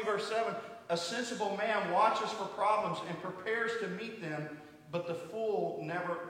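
A man's voice: very high voice, fairly bright tone. A middle-aged man preaching a sermon as pastor, earnest, often asking the congregation rhetorical questions. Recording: echoey hall from far off.

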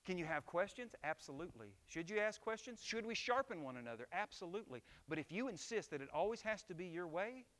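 A man's voice: sits high, sing-song, fast talker, few pauses, fairly bright tone. A middle-aged man preaching a sermon as pastor, emphatic and asking the congregation rhetorical questions.

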